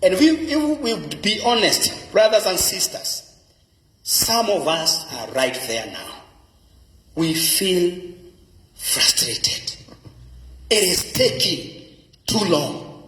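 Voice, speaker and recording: A man's voice: high voice, expressive, takes it slowly, a bit bright. A man with a Kenyan accent preaching a sermon as pastor, emphatic and repeating key phrases for effect. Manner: emphatic preaching with dramatic repetition. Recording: echoey hall with long reverb.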